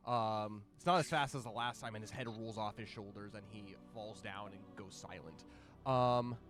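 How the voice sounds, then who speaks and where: A man's voice: fairly low pitch, fairly bright tone. A man narrating as game master of a tabletop game, telling the story animatedly with fillers.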